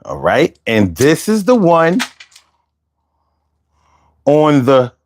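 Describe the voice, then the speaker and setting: A man's voice: fairly high pitch, wildly swooping pitch, extremely slow, a little hiss or hum. A man hosting a casual livestream, reading viewer comments aloud and bantering with them in slangy speech, close to the mic. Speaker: livestream host.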